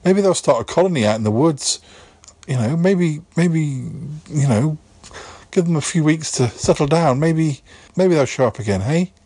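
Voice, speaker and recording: Husky man, soothing and hesitant. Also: fairly high pitch, expressive, moderate pace, darkish tone, no room sound. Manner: soothing, hesitant, stammering reassurance. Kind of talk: comic sketch dialogue.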